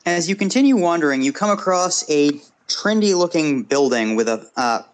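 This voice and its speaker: A man's voice: a little high, expressive, moderate pace, poor audio. A man co-hosting a let's play, reading the game's narration with dry asides. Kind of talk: reading game text aloud.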